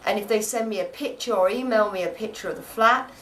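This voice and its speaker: A woman's voice: mid-range voice, quick pace, fairly bright tone, distant mic, slight background noise, poor audio. An actress chatting at home in an interview, rambling and often repeating her words. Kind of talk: casual interview chat. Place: at home, indoors.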